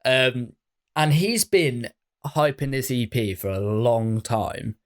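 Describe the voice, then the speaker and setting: A man's voice: mid-range voice, expressive, slow. A man co-hosting a casual music podcast, chatty and swearing casually as he talks about new releases. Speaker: podcast co-host. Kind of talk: casual chat.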